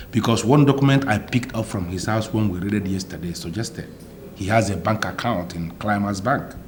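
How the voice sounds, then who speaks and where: A man's voice: fairly low pitch, a little hiss or hum, lightly acted. A man with a Nigerian English accent playing a stern police officer who interrogates a witness in formal, threatening tones. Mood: reporting.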